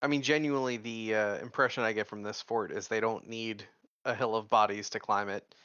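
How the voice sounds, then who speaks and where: Bright-voiced man on a dull home mic. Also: lowish voice, fairly even intonation, a little fast, clear, resonant tone, dry recording. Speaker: player. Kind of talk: casual tabletop play.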